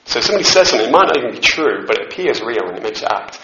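A man preaches a sermon in a church hall, talking very fast in a sing-song, medium-pitched voice over a noisy background. He's conversational and self-deprecating, making asides to the room. The hall recording sounds roomy and slightly dull.

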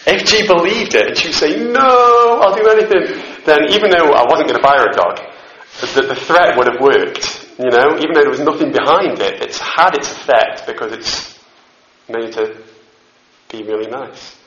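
A man's voice: mid-range voice, normal speed, a bit bright, a little hiss or hum. A man preaching a sermon in a church hall, conversational and self-deprecating, with asides to the room. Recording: roomy, slightly dull hall recording.

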